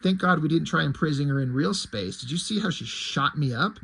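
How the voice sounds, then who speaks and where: A man's voice: fairly high pitch, expressive, a little fast, vocal fry, a bit bright, husky, full character voice. A man reading the lines of a blunt, wisecracking male team member. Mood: wry.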